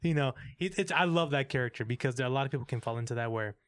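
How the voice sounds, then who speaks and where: A young man in casual podcast chat about films, talking at a mid pitch. He gets animated and curses often while he acts out scenes. His voice is close and dry, with no room sound. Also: rapid-fire, dry recording. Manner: animated, swearing, acts out movie lines. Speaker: podcast co-host. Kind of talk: casual movie review chat.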